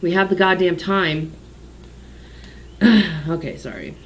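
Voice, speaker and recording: A woman's voice: lowish voice, animated, slow pace. A woman psychic giving a casual daily tarot and astrology reading, rambling off on tangents and swearing freely.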